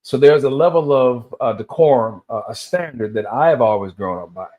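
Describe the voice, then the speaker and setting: A Tennessee man in his fifties vlogs a solo rant, rambling through loose stories that wander off on tangents. His mid-range voice is expressive and dark in tone, at a moderate pace.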